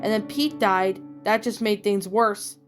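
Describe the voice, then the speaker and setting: A woman's voice: medium pitch, steady tone, a little slow, soft background music, lightly acted. A woman reading the part of a level-headed young man who reasons firmly with his friends, in a fan fiction reading. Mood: calm.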